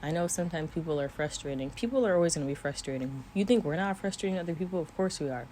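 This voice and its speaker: A woman's voice: low-pitched, expressive, fast, dark tone, slight background noise. A woman in her twenties talking earnestly to camera about her faith, sometimes teary-eyed, with small laughs. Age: 20s. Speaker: vlogger. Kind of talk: emotional faith talk to camera. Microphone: camera mic.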